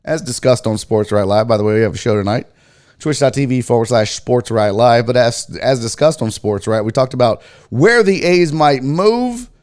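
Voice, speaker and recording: A man's voice: mid-range voice, normal speed, darkish tone. A middle-aged man hosting a sports talk show, rambling casually with profanity and self-mockery.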